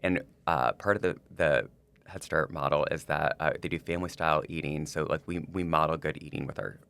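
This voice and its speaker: A man's voice: a bass voice, steady tone, brisk, gravelly, a bit bright, clean tone. A man on a podcast, telling a personal story in casual chat, rambling with lots of likes and restarts. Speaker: podcast co-host.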